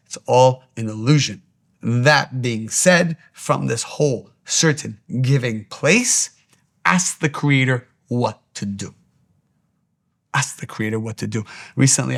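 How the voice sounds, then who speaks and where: Gravelly-voiced man teaching spirituality. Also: medium pitch. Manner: earnest, repetitive exhortation.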